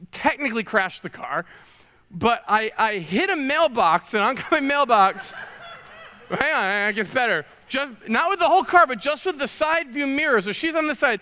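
Bright-voiced man telling a sermon story. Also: extremely high pitch, big-room sound. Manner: chatty, self-deprecating storytelling with many fillers. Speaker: pastor. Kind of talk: sermon with personal stories.

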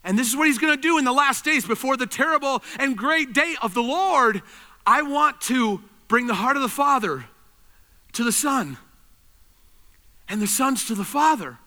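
A man preaching a sermon, animated, swinging between loud emphasis and quiet intensity. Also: very high-pitched, normal speed. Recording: reverberant hall.

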